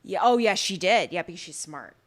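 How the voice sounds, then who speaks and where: A woman's voice: on the low side, a little fast. A woman co-hosting a podcast, recapping a drama in a casual chat and acting out the characters' lines. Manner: animated storytelling, acts out characters' lines. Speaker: podcast co-host.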